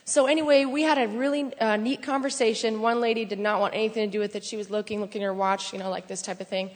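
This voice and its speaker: A woman excitedly telling a testimony story in church, laughing and shouting at times. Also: mid-range voice, quick pace. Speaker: church member sharing a testimony. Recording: long hall reverb.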